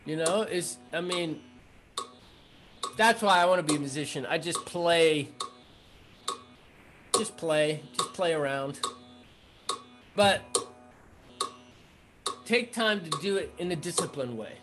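A man teaching rhythm in a casual music lesson, chanting rhythm syllables between relaxed explanations. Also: a little high, takes it slowly, pauses often. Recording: noisy recording with clicks.

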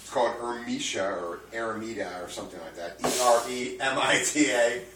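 A man's voice: mid-range voice, fairly quick, noisy background. Rambling man on a far, echoey mic. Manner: rambling, full of "like". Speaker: co-host presenting music news. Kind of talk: casual banter.

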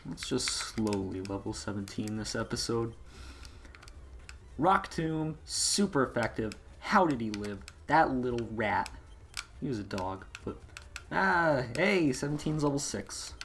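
A man talks through his game run in an unhurried, offhand drawl. He swears constantly and yelps at sudden turns, with faint background hiss and keyboard clicks near the mic. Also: mid-range voice. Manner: profane, excitable outbursts. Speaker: let's play gamer. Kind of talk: casual gaming commentary.

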